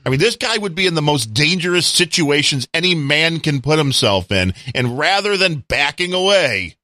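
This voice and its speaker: A podcast co-host with a slightly high, pushed and bright voice speaks at a moderate pace with lively intonation. He chats casually and jokes, wandering into rambling asides, in a dry recording with clean studio sound.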